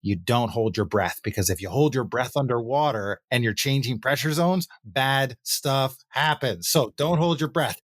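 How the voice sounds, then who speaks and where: A man in a casual podcast chat, laying out a story at a loose pace full of fillers. His voice sits at a middling pitch, and the recording is dry and close-miked. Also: normal speed, few pauses, dry recording. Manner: relaxed, anecdotal, filler-heavy. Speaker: podcast host.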